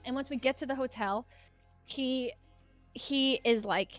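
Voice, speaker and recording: Young female podcast guest, high-pitched, animated casual storyteller, faint music underneath. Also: measured pace, dry recording. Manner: animated, lots of "like" fillers.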